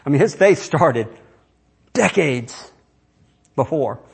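A man's voice: fairly high pitch, expressive, slow pace, creaky, a little mellow, husky. A man preaching a sermon in a conversational way, asking his listeners question after question. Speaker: pastor.

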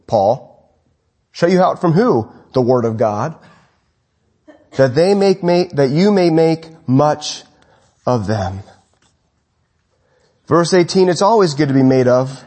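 Husky-voiced man preaching with fervor. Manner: impassioned, swings between raised urgent lines and low quiet ones. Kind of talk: sermon. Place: church congregation, evening service.

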